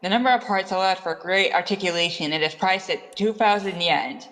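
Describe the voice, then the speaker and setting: A man's voice: high voice, a little fast, sharp tone, long reverb tail. A man co-hosting a casual podcast, joking and pushing the talk along. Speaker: podcast co-host.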